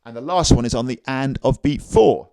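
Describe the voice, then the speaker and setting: A man giving a casual, upbeat drum lesson on video, chatting easily and counting rhythms out loud. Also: mid-range voice, moderate pace, loud music behind the voice. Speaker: drum teacher. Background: drum kit playing.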